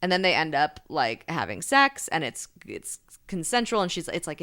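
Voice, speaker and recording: Lowish-voiced, bright, crisp woman recapping a book. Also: moderate pace. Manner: animated retelling with laughs and many fillers. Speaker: podcast co-host. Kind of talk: casual chat recapping a book.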